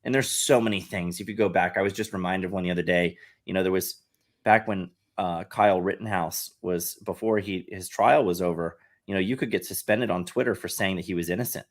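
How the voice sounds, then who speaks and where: Low-voiced man explaining earnestly. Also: a little fast. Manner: earnest, explains at length with many restarts and "like". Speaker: podcast guest, satire site head. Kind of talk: casual podcast conversation.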